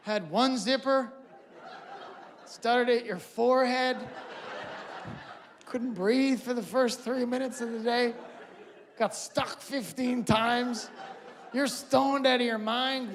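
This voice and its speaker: A man working a live stand-up set, his voice sitting fairly high for a man. He's animated and jumps into little acted-out scenes, with a faint hum in the background. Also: slow. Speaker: stand-up comedian. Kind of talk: stand-up comedy. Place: auditorium stage before a live audience.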